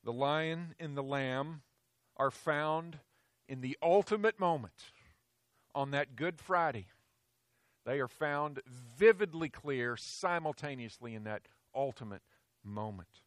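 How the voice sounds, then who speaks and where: A man's voice: takes it slowly, no echo, clean studio sound. Emphatic man preaching a sermon. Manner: emphatic, swinging from loud declarations to hushed low phrases.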